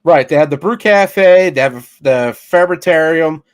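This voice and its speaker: A man co-hosting a sports talk show, rambling with halting restarts. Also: a little high, clean tone, no echo. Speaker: podcast co-host. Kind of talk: casual chat.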